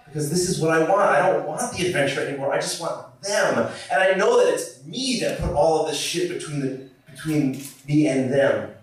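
High-voiced man telling a story in an echoey hall. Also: moderate pace. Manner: animated, swearing, laughing through the telling. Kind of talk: live stage storytelling. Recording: echoey hall, distant mic.

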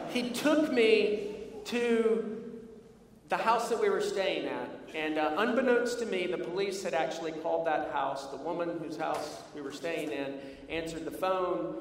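A man with a fairly high voice preaches a sermon, moving from a personal story to earnest teaching and slowing down to stress key lines. He is recorded from a distance in a large hall, with a long, ringing reverb. Faint room ambience sits underneath. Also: a little hiss or hum. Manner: storytelling, earnest, slows for emphasis. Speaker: pastor. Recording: echoey hall from far off.

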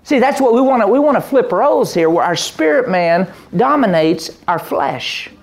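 A man preaching a sermon as pastor, animated, acting out voices with the congregation answering. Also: high-pitched, normal speed. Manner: animated, acts out voices and sheep bleats. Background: congregation responses.

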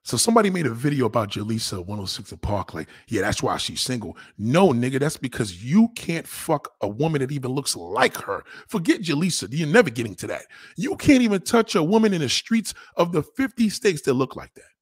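A man's voice: fairly high pitch, sing-song, fairly quick, hardly any pauses, slightly rough, no echo, studio quality. A man hosting a crude, heated commentary rant, talking straight at his viewers. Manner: blunt, crude and heated, addressing viewers directly. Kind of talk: profane relationship rant.

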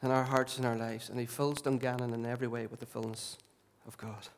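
Impassioned pastor preaching. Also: male voice, medium pitch, flat delivery, brisk, a little hiss or hum. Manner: impassioned, repetitive emphasis, drops to quiet asides. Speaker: lead pastor. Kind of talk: sermon. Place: church hall.

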